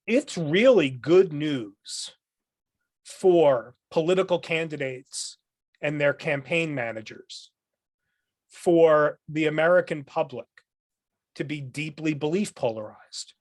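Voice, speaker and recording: A man, a philosophy professor, explaining ideas as a guest on a podcast in a thoughtful, lecturing way, often pausing with "um" and restarting his phrases. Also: a little high, no room sound, clean studio sound. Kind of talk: podcast interview.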